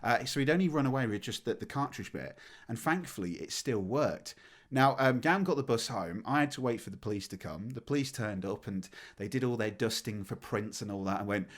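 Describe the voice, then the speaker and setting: A man, co-hosting a podcast, telling a story in casual chat with laughter and acted-out shouting. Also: on the low side, brisk. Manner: animated, laughs while telling, acts out shouting. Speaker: podcast co-host.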